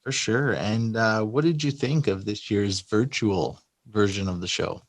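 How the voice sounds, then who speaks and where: A man's voice: lowish voice, fairly even intonation, unhurried, no echo. A man hosting an interview, asking short friendly questions with a few "uh" fillers. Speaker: interview host.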